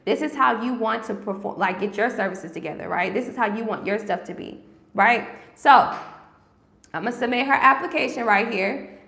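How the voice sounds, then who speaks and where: A woman's voice: on the high side, moderate pace, creaky, a bit bright, reverberant. A woman hosting a casual livestream, talking straight to her viewers and often checking in with "okay?" and "right?". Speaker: livestream host helping with grant applications.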